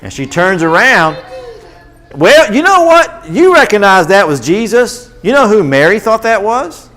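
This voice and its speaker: A man with a drawl tells a Bible story to a room of children. His voice is lively and bouncy, swinging up and down as he keeps asking the kids questions. He sits a little high for a man. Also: a little slow, soft background music. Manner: animated, asks children questions. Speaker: children's Bible class teacher.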